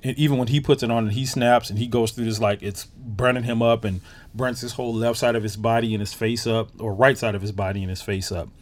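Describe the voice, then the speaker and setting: An excited man hosts a podcast and talks through a movie review in a loose, casual way. His voice sits at an ordinary middle pitch. He keeps stumbling over restarts and filling gaps with "you know" as he gets carried away. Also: quick pace. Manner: enthusiastic, heavy on fillers and restarts. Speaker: podcast host.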